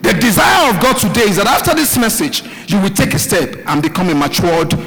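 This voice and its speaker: Preaching man, loud and high-pitched. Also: big pitch swings, a little fast. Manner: preaches in bursts, shouting key words and asking the congregation to answer. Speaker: pastor. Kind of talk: preaching a midweek sermon. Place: church hall with live congregation. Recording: live hall recording, reverb, faint music.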